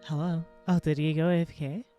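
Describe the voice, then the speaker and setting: A woman streaming live, chatting casually while she works, excitable and full of exclamations as she greets her chat. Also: low-pitched, fairly quick, highs cut off, faint music behind. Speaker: live streamer and world creator.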